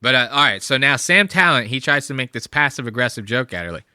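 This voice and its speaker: A man's voice: medium pitch, expressive, quick pace, hardly any pauses, bright, forceful tone, clean tone. Profane, rambling young male podcast host. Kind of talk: casual podcast commentary on clips.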